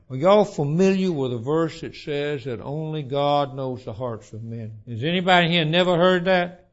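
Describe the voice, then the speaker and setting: A man preaching a sermon, telling stories in a folksy, animated way. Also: a little high, lo-fi sound. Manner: folksy, animated storytelling with restarts.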